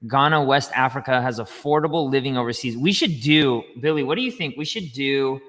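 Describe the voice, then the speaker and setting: A man explaining banking step by step in casual livestream chat, chatty and quick to laugh. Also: mid-range voice, a bit bright, long reverb tail. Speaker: finance educator guest.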